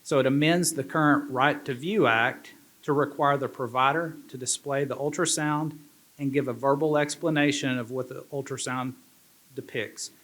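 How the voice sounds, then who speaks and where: A man's voice: medium pitch, fairly even intonation, moderate pace, fairly bright tone. A man speaking as a state representative at a fundraising banquet, earnest and prone to restarting his sentences. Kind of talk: banquet speech.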